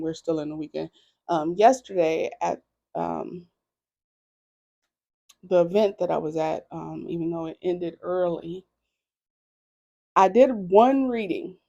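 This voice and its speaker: A woman tarot reader talks through a personal reflection at a slow, unhurried pace. Her voice is mellow and dark with a gravelly fry, and she keeps it candid and conversational, often pausing on "right?". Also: lowish voice, dull audio.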